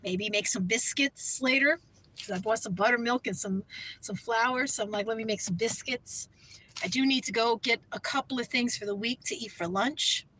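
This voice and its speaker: A woman's voice: on the high side, moderate pace, pushed and bright, slight background noise, poor audio. A woman vlogger talking in a casual, rambling way, full of "you know" and "like.". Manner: rambling, chatty, heavy on fillers like "you know". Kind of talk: casual vlog chat.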